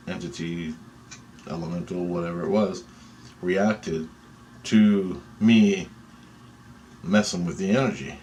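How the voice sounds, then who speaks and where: A man telling a dream story in an excitable, rambling way, swearing often and restarting sentences. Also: low-pitched, slight background noise.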